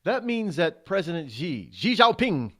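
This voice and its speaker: A male radio talk host delivering political commentary with sarcastic, emphatic jabs. His slightly high voice swings widely in pitch as he leans on words. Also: sing-song, unhurried, a bit bright.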